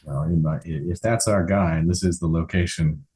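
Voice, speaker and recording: A man playing a tabletop game, calm and deliberate, asking about the rules. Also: low-pitched, husky. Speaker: player.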